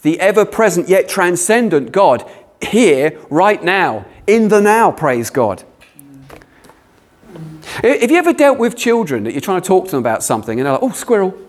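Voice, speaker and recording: A man preaching a sermon, animated with playful asides. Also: high-pitched, moderate pace. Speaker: pastor.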